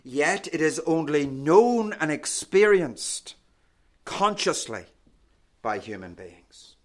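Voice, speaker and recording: A man preaching a sermon, slow and emphatic, letting key words sink low and soft. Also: sing-song.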